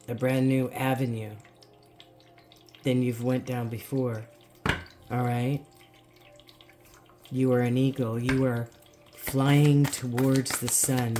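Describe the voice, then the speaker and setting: Mellow woman giving an encouraging card reading. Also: extremely low pitch, slight background noise. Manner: encouraging, talks straight to viewers with frequent "all right?". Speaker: spiritual card reader. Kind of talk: spoken card reading message.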